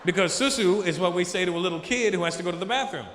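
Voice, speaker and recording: This comedian talks very fast in a high, fairly bright voice, with a bit of hiss or hum on the recording. He's doing a stand-up set at a large venue, playing off the audience and acting out voices through a handheld mic, with the crowd audible in the echoey hall.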